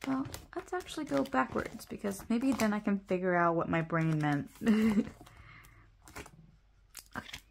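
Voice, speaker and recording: A woman's voice: medium pitch, a little slow, vocal fry, long pauses, a little hiss or hum. A young woman chatting casually while sorting her photocards, rambling, laughing often and correcting herself. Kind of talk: casual chat.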